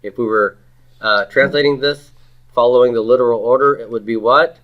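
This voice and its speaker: A man's voice: mid-range voice, moderate pace. Man teaching a grammar class, asking questions. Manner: drills students, asks questions and repeats their answers. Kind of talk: classroom lecture with student questions. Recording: slightly dull lo-fi classroom recording.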